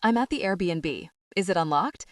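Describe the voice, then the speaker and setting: A woman voicing a brooding male florist in an audiobook, speaking in a low-key, calm and reassuring way. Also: moderate pace, no room sound, clean studio sound, close to an everyday voice.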